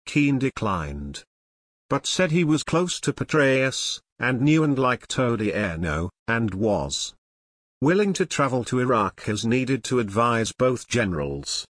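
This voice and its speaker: A man reading nonfiction narration in a measured, serious way. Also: mid-range voice, sing-song, a bit bright, no room sound. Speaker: audiobook narrator.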